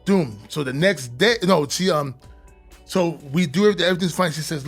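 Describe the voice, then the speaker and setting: A man in his fifties from Atlanta, a podcast guest telling a story in a casual, animated way, laughing and swearing often. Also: a little high, a little fast, soft background music. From Atlanta, USA. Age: 50s.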